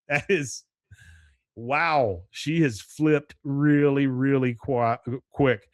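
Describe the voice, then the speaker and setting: A man hosting a podcast, retelling scenes in a lively chat and jumping into higher voices for the characters' lines. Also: very slow, no echo, clean studio sound. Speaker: podcast host recapping an episode. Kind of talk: casual chat.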